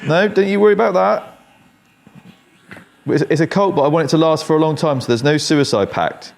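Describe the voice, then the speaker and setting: A man's voice: on the high side, fairly quick, vocal fry, a little mellow. An English man working as a barber, chatting and telling jokey stories to his client while cutting hair in a barbershop. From England. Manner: chatty, joking storyteller.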